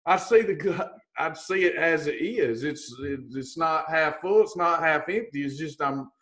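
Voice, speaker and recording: A woman's voice: low-pitched, lively intonation, unhurried, fairly bright tone. A woman gives a blunt, folksy motivational talk as a weight-loss coach and teases her listeners with pet names.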